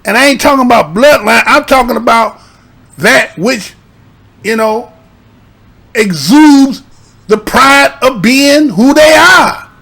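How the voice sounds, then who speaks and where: High-voiced man, profane vlog rant. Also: lively intonation, slow, pauses often, pushed and bright. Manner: profane, streetwise, fills with rhetorical tags; rambling and argumentative. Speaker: YouTube commentator. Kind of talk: casual vlog commentary.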